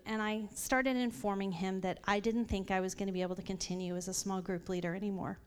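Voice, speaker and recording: This church member, a woman in her thirties, has a medium-pitched, steady, smooth voice and talks a little fast with few pauses. She shares an earnest personal testimony at a women's Bible study, warm in her storytelling and punctuated by light laughs.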